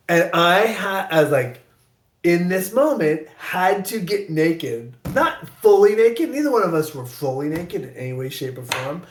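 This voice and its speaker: A man from the American Midwest telling a rambling, self-deprecating story in casual chat, getting animated when he quotes himself. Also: high-pitched, measured pace, reverberant, slight background noise. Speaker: guest actor.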